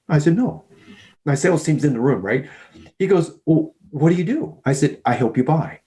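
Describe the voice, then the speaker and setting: A man appears as a podcast guest, telling sales stories as an animated storyteller and acting out both sides of each conversation. His voice is a little high, and he speaks at normal speed during the interview.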